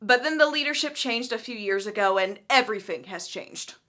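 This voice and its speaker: High bright-voiced woman doing a sarcastic recap. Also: fairly quick. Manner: sarcastic, animated asides. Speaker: book recap creator. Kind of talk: comedic book recap.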